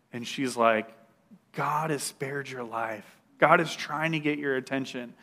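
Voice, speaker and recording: A man with a slightly high, bright, forceful voice tells a personal testimony casually. He rambles along with fillers and restarts, now and then laughing at himself.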